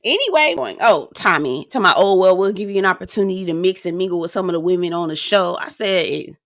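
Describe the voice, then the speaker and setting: A woman's voice: on the low side, a little fast, dry recording, clean studio sound. A woman casually recapping a reality dating show, sassy and blunt, swearing freely and acting out what the cast said. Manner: acts out cast quotes in a lively storytelling tone.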